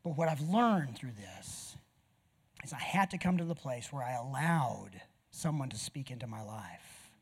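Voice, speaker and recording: A middle-aged man preaching a sermon, telling a story with lively swings from loud outbursts to near whispers. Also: mid-range voice, slightly rough. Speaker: pastor.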